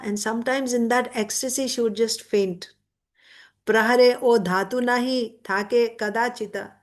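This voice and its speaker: A woman's voice: fairly high pitch, fairly bright tone. A woman giving a devotional scripture class, reciting verses and then explaining them word by word.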